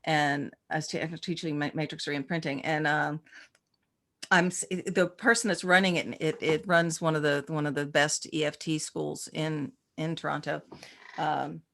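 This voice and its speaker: A woman who practices and teaches speaks casually in an interview, telling lively stories and acting out the voices she quotes, restarting often. Her voice is low and creaky, and she talks at a normal speed.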